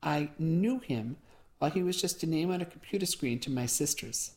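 A woman with a notably low voice reads a cozy mystery in the first person. Her reading is steady and measured. The narration is calm and clear. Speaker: audiobook narrator.

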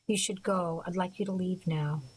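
Cold hurt young guy in a storybook, read by a woman, low and flat. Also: moderate pace, slight background noise, close to an everyday voice, low-quality recording.

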